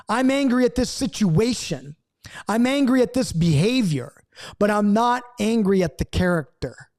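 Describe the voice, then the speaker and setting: A middle-aged man leads a recorded Bible study lesson in an earnest, coaching manner, driving his points home through repetition. His voice sits noticeably high for a man. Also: darkish tone.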